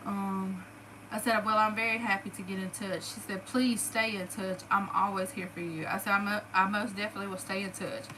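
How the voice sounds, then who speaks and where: A woman's voice: medium pitch, fairly even intonation, fairly quick, background noise. A woman with a Southern US accent chatting to her followers, emotional and full of fillers. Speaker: vlogger. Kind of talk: casual storytelling to followers.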